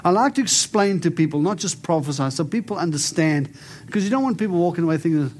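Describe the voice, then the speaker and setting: This preacher speaks fast with lively intonation in a fairly high, slightly mellow voice, declaring prophetic words over the congregation and drawing responses from them during a charismatic sermon.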